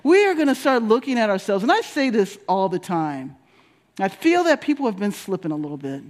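Brief: male minister, high voice, emphatic repetitive sermon delivery. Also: very animated, brisk. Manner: emphatic, repetitive preaching with rising and falling delivery.

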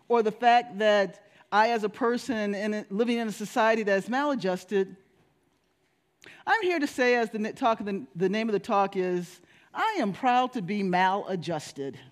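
A woman's voice: medium pitch, moderate pace. A woman pastor giving a sermon in a storytelling manner. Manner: storytelling, with animated voices for quoted people.

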